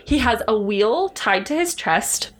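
A woman co-hosting a podcast, telling a story in a casual, animated way with frequent swearing and laughter. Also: fairly high pitch, unhurried.

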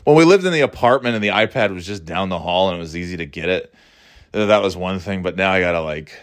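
A man's voice: low voice, quick pace. A middle-aged man hosting a podcast, rambling in casual chat, swearing and mocking himself. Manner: rambling, profane, self-mocking. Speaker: podcast host.

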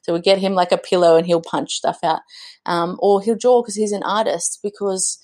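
A woman's voice: mid-range voice, steady tone, moderate pace, a little mellow. A woman, a guest talking earnestly about motherhood in a podcast interview, with frequent restarts. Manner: earnest, many restarts and fillers. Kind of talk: conversational interview.

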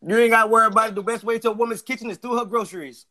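A man's voice: high-pitched, steady tone, racing, bright, forceful tone. A young man hosting a live audio chat room, joking crudely, laughing often and hyping up the listeners. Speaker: room host.

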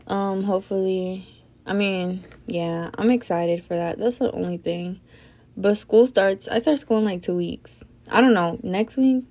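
A woman's voice: medium pitch, unhurried, darkish tone. A young woman hosting a casual solo podcast, rambling with lots of fillers and swearing, sleepy and yawning. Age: young adult. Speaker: podcast host.

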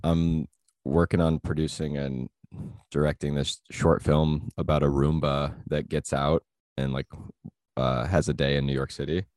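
A man's voice: a bass voice, flat delivery, unhurried, darkish tone, no echo, studio quality. A man hosting a podcast, chatting loosely and crudely with lots of fillers. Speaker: podcast host. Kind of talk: casual crude comedy chat.

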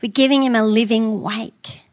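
A man's voice: very high voice, fairly even intonation, normal speed. A woman speaking the part of a friendly male market stall holder, explaining in a matter-of-fact way. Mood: calm.

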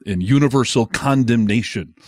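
A man's voice: mid-range voice, moderate pace, dry recording. A man co-hosting a casual comedy podcast, reading news with sarcasm and frequent laughs. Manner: animated, sarcastic, laughs often. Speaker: podcast co-host.

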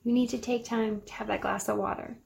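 Female host, 30s, higher register with a gravelly edge, earnest motivational delivery. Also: fairly even intonation, a little fast, darkish tone, slight background noise. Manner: earnest, encouraging, laughs now and then. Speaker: podcast host. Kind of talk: motivational self-help talk.

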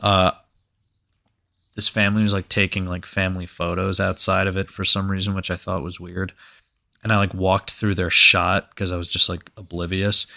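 A man's voice: deep voice, little pitch movement, normal speed, vocal fry, bright, forceful tone. A man co-hosting a podcast. He tells a story in a rambling, casual way, full of "like" and freely swearing. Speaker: podcast co-host.

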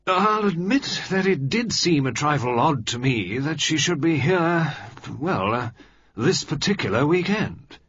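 A bluff old sea-dog of an air marshal, as a husky-voiced male narrator puts him on, speaking up high and loud with gruff, hearty bluster. The reading is dry and a little muffled. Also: big pitch swings, measured pace, heavily acted. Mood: awkward. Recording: slightly muffled dry recording.

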